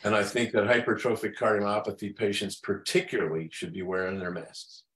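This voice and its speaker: A man's voice: fairly low pitch, level tone, brisk, fairly bright tone. A man, a doctor guest on a podcast, chatting in an easygoing, agreeable way. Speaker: cardiologist guest. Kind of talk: conversational podcast talk. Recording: echoey room sound.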